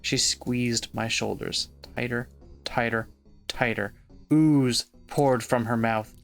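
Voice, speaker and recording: A man co-hosting a let's-play, reading the narration of a visual novel aloud in an expressive way. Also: medium pitch, slow pace, vocal fry, soft background music. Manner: expressive narration with swearing asides. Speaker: podcast co-host.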